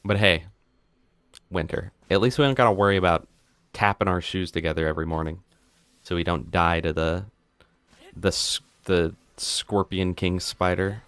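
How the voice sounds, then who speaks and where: A man's voice: deep voice, moderate pace, a bit bright, clean tone, no room sound. A man streaming a video game live, joking around and chatting to his viewers. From United States. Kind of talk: live gameplay commentary.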